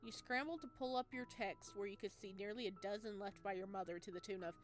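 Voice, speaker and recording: A woman's voice: mid-range voice, fast talker, soft background music. A woman playing a visual novel and reading its text and lines aloud, playful. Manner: playful, does all the voices. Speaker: let's play streamer.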